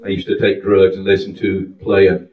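Fervent preacher in echoey church. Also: male voice, sits low, completely flat delivery, normal speed. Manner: fervent, sing-song preaching with cries of hallelujah. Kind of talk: sermon testimony. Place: church sanctuary. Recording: echoey, distant, muffled church recording.

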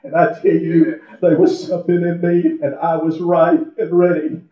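Older preacher man, high-pitched, all fired up, echoey far-off dull recording. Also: little pitch movement, normal speed. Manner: fervent, sobbing and laughing through words. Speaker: preacher giving testimony. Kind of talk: emotional sermon testimony.

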